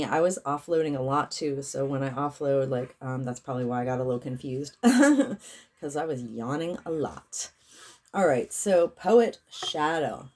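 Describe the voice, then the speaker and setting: A woman's voice: sits low, slight background noise. Rambling woman giving a tarot reading. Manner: rambling, self-correcting, bursts into loud intoned chants. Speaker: tarot reader and energy healer. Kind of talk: casual tarot reading with chanting.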